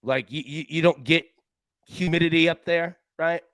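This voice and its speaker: A man hosting a live sports betting show, talking in a casual, excitable way full of slang and stammered restarts. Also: a little high, normal speed, no echo, poor audio.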